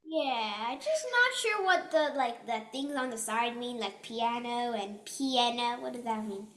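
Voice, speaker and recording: A woman's voice: on the high side, lively intonation, measured pace, a bit bright. A woman piano student giving short, hesitant answers to her teacher. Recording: roomy echo.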